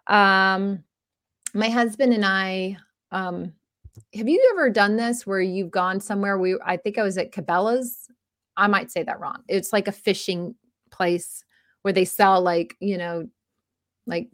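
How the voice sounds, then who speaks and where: A woman's voice: mid-range voice, a bit bright, no room sound, studio quality. A woman in her forties hosting a casual personal monologue, rambling and self-deprecating. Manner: rambling and self-deprecating, with many restarts and fillers.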